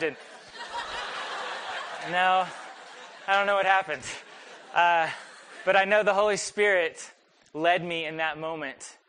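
A young man preaching a sermon, telling a personal story in a conversational, animated, self-deprecating way. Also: fairly high pitch, unhurried, pauses often, a little hiss or hum. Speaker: pastor.

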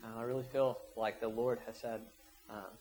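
A man's voice: medium pitch, little pitch movement, normal speed, rough recording. A man preaching a sermon to his church, retelling a scripture story and leading prayer with rising, emphatic passion. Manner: impassioned, rising to loud peaks when voicing prayers and quotes. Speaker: pastor.

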